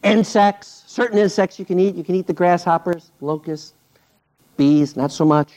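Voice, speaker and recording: A man preaching a sermon, telling the story playfully and swinging between loud bursts and hushed asides. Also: high-pitched, normal speed. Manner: animated, playful storytelling with sudden loud and quiet turns. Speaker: pastor.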